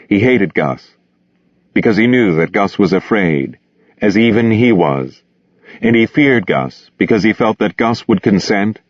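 A man narrating a novel aloud in a steady, measured, grave manner. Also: on the low side, dry recording. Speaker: audiobook reader. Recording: dull, dry close recording.

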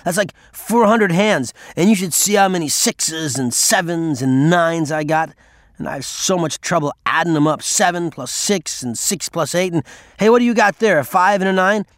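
A man voicing a brash young male card counter who talks in a loud, slurred, drunken babble. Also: mid-range voice, lively intonation, normal speed, no echo, clean studio sound, natural voice.

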